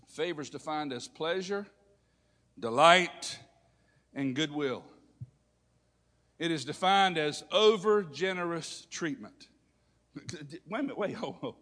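Preacher guy, kinda high bright voice, booms then drops low telling stories, big echoey church. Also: animated, slow, long pauses. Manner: swings from loud preaching to low storytelling. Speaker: pastor. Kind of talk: sermon with storytelling. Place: church sanctuary. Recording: long reverb of a large hall.

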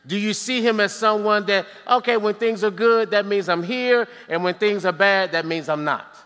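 A man preaching in a church sanctuary, his voice high and ringing bright. He calls on the congregation to answer back and drops playful asides between points. A long hall reverb trails every phrase. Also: moderate pace, smooth. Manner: preaching with call-and-response and joking asides. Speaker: pastor. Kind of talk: sermon.

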